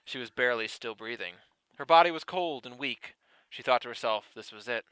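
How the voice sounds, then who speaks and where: A man's voice: medium pitch, brisk, pushed and bright, clean tone, no echo, poor audio. A man doing a comedic, mock-serious dramatic reading of fan fiction, breaking into laughing asides. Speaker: podcast host reading fan fiction aloud.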